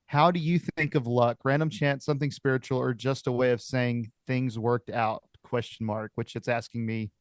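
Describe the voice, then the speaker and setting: Low-key male co-host reading aloud. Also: fairly even intonation, normal speed, few pauses, no room sound, studio quality. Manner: reads chatbot replies aloud, low-key. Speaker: podcast co-host. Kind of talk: casual podcast chat.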